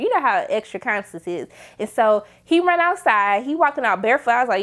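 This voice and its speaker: A young woman recapping a TV episode in casual speech, animated and sassy, swearing freely and acting out the characters' lines. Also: fairly high pitch, brisk, hardly any pauses. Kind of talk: casual recap with acted-out quotes.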